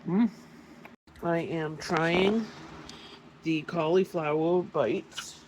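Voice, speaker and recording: A vlogger chatting casually on camera at home in a kitchen, excitable and full of fillers, sometimes eating while talking. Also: medium pitch, extremely slow, background noise. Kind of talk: casual chat and on-camera food tasting.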